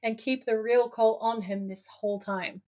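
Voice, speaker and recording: A woman's voice: on the high side, fairly even intonation, moderate pace, a little mellow. A woman co-hosting a podcast in casual chat, animatedly retelling scenes and acting out quotes, swearing freely. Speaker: podcast co-host.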